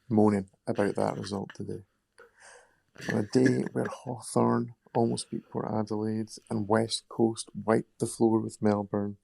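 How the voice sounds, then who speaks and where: Slow, gravelly Scottish football fan. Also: male voice, on the low side, warm tone, no echo, low-quality recording. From Scotland. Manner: blunt, sweary, fired-up. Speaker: caller leaving a voice message. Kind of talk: recorded fan voice message.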